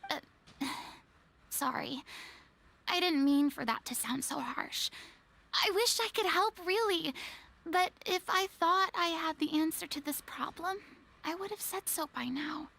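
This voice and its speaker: A woman's voice: extremely high pitch, a little slow, vocal fry, sharp tone, full character voice. An actress playing a proud, theatrical young woman who sighs and frets dramatically in a story game. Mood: apologetic. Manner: dramatic, sighing, self-pitying.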